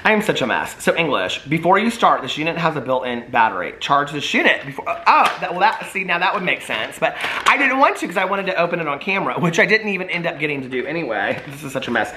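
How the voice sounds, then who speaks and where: Guy vlogging at home, bright voice, bouncy pitch, laughs at himself a lot. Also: very animated, fast, reverberant, slight background noise. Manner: self-deprecating, laughing often, rambling. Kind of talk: casual chat to camera. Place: at home, room with ring light.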